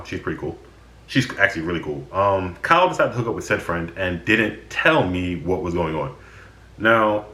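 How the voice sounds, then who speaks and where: A man's voice: low voice, sharp tone, roomy sound. A man casually telling stories about his friends on his vlog. He sounds exasperated and swears freely. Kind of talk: casual storytelling.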